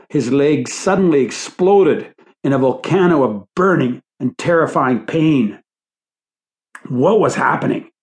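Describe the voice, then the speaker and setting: A man narrating his own audiobook in a slow, measured, dramatic reading. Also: medium pitch.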